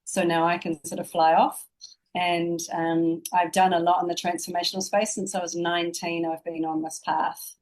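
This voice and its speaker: A woman's voice: on the low side, level tone, normal speed, low-quality recording. A woman in her fifties with a New Zealand accent, a guest speaking in a reflective, flowing way about her life. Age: 50s. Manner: reflective, flowing, spiritual phrasing. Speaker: guest, spiritual teacher. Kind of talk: casual interview chat.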